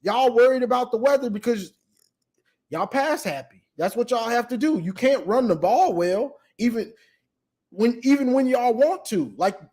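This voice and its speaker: A man with a notably high voice hosts a live sports call-in stream in casual talk. He stammers through restarts and acts out both sides of a trash-talk story, laughing as he goes. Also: expressive, moderate pace, a little mellow, slightly rough.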